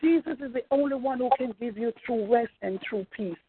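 High-voiced woman preaching over a phone line. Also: fairly quick, husky. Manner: fervent, repeats phrases, calls out praise. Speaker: pastor.

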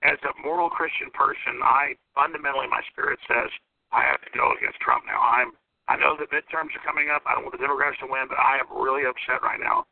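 A man's voice: medium pitch, fairly even intonation, fast talker, gravelly, dry recording. Agitated man on a tinny phone-line recording. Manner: agitated, emotional, pleading. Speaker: radio show host. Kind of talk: heated political talk.

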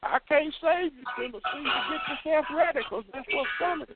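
A man's voice: extremely high pitch, fairly quick, over music. A man with an East Texas accent, a chat line caller arguing emphatically and lecturing, often repeating himself. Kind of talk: heated phone argument. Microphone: telephone. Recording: tinny phone line with static.

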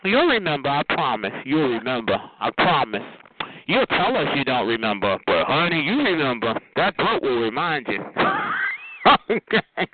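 Sassy man taunting someone on a chatline, pitch swinging all over, tinny phone sound with hiss. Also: very animated, moderate pace. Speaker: chatline caller. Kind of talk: trash-talking on a phone chatline. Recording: tinny phone line with noise.

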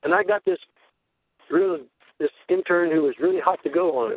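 Tinny phone-line radio sound carries an older man's conspiracy talk monologue. At normal speed and in a high voice, he tells long rambling stories and performs the voices of the people in them.

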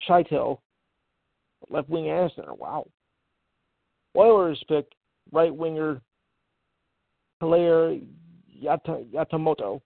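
A man's voice: a little high, creaky, dry recording. A man hosting a casual sports show, reading draft picks and tripping over hard names with offhand asides. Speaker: podcast host reading sports news. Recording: tinny phone line.

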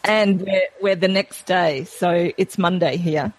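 A woman with an Australian accent, a guest in a radio interview, speaking in a calm, friendly, measured way. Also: on the low side. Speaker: guest, medical intuitive. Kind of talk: phone-in interview.

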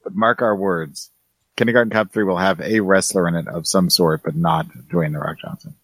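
A man's voice: low voice, fairly even intonation, moderate pace, fairly bright tone, dry recording. A man co-hosting a podcast, teasing and joking with the others. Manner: playful, teasing. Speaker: podcast co-host. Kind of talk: casual podcast chat.

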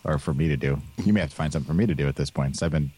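Deep-voiced rambling host. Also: male voice, rapid-fire, warm tone, breathy edge. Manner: rambling, laughs often, many restarts. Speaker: podcast host. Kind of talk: casual chat.

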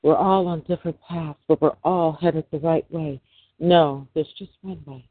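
A man's voice: on the high side, steady tone, normal speed, no room sound. A middle-aged man, a podcast host, giving a preachy religious monologue full of rhetorical questions. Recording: dry, tinny phone-line sound.

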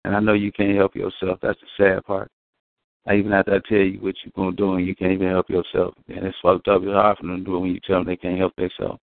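A man's voice: low voice, monotone, quick pace, creaky, no echo. A man talking in a casual podcast discussion, preachy and profane, acting out quotes in between. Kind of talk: casual street-talk discussion. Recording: dry, phone-like band.

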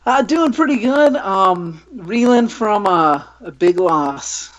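A man's voice: high voice, animated, takes it slowly, a bit bright, rough recording. A man co-hosting a casual podcast, laid-back and teasing. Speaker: podcast co-host.

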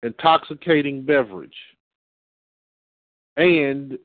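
A man's voice: on the high side, fairly even intonation, no room sound. Emphatic preaching man, tinny sound. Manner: emphatic, repeats and reads slowly for stress. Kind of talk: preaching lecture. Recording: tinny phone-like audio.

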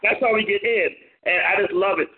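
A man hosting a call-in radio show as DJ, playful and animated, hyping up callers and listeners. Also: high voice, brisk. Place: home studio on a phone-in internet radio show. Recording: tinny phone-line audio.

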